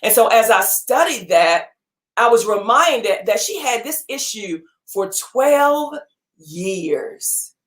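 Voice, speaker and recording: A woman's voice: on the high side, expressive, slow pace. A woman giving a motivational talk to her audience, preaching with repeated phrases for emphasis. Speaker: motivational speaker and gym owner.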